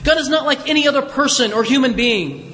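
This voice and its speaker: Brief: male pastor, very high voice, chatty self-deprecating sermon, long church reverb. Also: brisk, sharp tone. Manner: conversational, self-deprecating, with many restarts. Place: church sanctuary.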